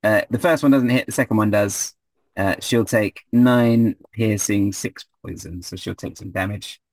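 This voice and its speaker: Man, game master, tabletop game, low voice, hesitant fillers, dry close mic. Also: moderate pace, a little mellow, no echo.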